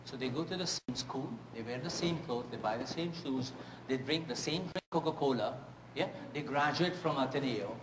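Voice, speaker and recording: A man giving a public speaking workshop, telling stories and often checking in with his audience in an animated way. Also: mid-range voice, normal speed, background noise. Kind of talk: seminar talk with storytelling. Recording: echoey room with faint ambience.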